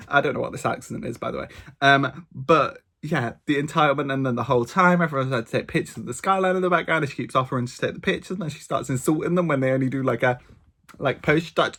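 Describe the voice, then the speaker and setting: A man's voice: mid-range voice, a little fast. Chatty man telling a travel story. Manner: chatty, gossipy, animated storytelling, many fillers. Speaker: travel vlogger. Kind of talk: casual storytelling vlog. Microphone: camera mic, talking to camera.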